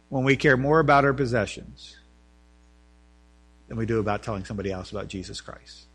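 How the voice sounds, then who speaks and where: A man preaching a sermon as pastor, rising to loud emphatic peaks and dropping low, often repeating words and restarting sentences. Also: lively intonation, a little fast.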